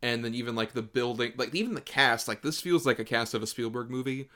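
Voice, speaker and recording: A man's voice: medium pitch, fast, a bit bright. A man co-hosting a podcast, talking casually about a movie in a rambling way full of "like" fillers. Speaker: podcast co-host. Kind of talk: casual film chat.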